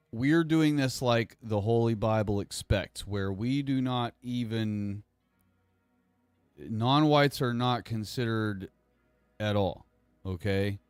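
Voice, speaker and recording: Male streamer, mid-pitched, meandering delivery, dry close sound, faint music underneath. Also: a little mellow, smooth, no room sound. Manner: rambling, halting, repeats himself. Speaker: livestream host. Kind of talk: casual livestream monologue.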